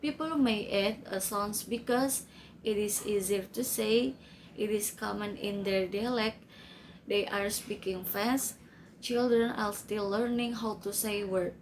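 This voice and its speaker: A woman reading a class presentation slowly and carefully, with small grammar slips. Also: medium pitch, steady tone, slight background noise, poor audio. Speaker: student presenter.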